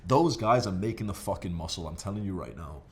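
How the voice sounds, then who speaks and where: Profane, rambling man with a lowish voice. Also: quick pace, a little hiss or hum. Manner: profane, rambling, animated storytelling. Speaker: fitness vlogger. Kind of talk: casual monologue to camera.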